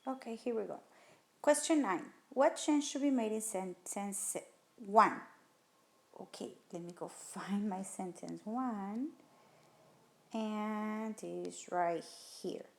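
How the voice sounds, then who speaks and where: A woman teacher talking through writing test questions in a recorded lesson, thinking aloud and rereading sentences slowly. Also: mid-range voice, creaky. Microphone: tablet whiteboard screen recording.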